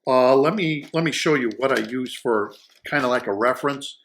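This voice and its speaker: A man with a mid-range voice reviews audio gear casually and enthusiastically at a moderate pace, rambling and repeating words while hunting for the right ones. There's slight background noise.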